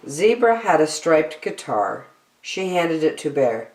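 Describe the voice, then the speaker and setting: A woman reading a rhyming children's picture book aloud in a slow, expressive, sing-song way, recorded in an echoey room. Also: low-pitched, distant mic. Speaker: children's story reader.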